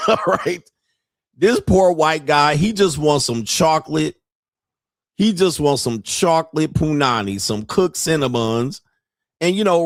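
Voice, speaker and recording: A man's voice: on the high side, dry recording, studio quality. A man hosting a reaction video, giving brash, crude commentary and mocking the people he watches. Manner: brash, laughing, mock-quoting others.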